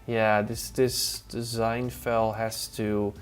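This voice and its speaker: Low and slow, this man's voice carries a casual live stream where he tests design software. He mutters as he works and turns to chat questions between tasks, over a relaxed music playlist.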